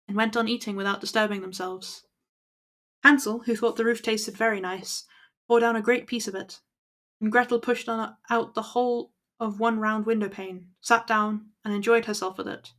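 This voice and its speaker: A woman's voice: on the high side, fairly even intonation, normal speed, a bit bright. A woman reading old fairy tales aloud to her stream at an easy pace, with small slips. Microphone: laptop built-in mic.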